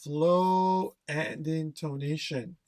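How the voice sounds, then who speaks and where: Slow, deliberate male test instructor. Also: on the high side, steady tone, darkish tone, no room sound. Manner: slow, emphatic, repeats key phrases, checks with "okay?". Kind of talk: recorded exam-prep lesson.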